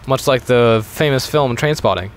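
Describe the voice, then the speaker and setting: A young man co-hosting a video game let's play, joking, swearing and breaking into excited outbursts. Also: medium pitch, moderate pace, slight background noise. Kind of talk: casual gaming banter.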